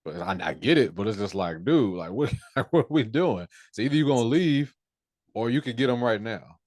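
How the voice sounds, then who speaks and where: A man's voice: medium pitch, animated, moderate pace, a little mellow, no room sound, studio quality. A man co-hosting a casual TV review podcast, arguing his points emphatically with profane slang. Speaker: podcast co-host.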